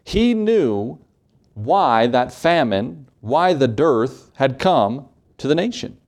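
A man's voice: mid-range voice, sing-song, slow, a little mellow. A man preaching a morning sermon, asking the congregation rhetorical questions and acting out short quotes.

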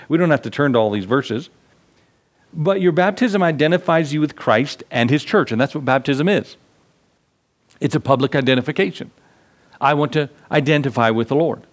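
A man preaching a sermon, quoting old-fashioned scripture and pushing his points with rising emphasis, then dropping low and reflective. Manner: quotes scripture in King James wording. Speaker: pastor.

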